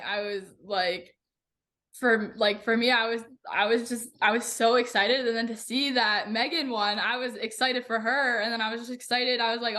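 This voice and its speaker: Bubbly bright-voiced young woman. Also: a little high. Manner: bubbly, animated, many "like" fillers. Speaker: guest racer. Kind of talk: casual podcast chat.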